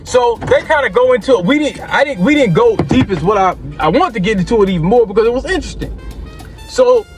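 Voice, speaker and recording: Male vlogger, higher-pitched, loose rambling storyteller who circles back on his phrases. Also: expressive, quick pace, over music. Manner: rambling, repeats and restarts phrases, slangy. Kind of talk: casual storytime.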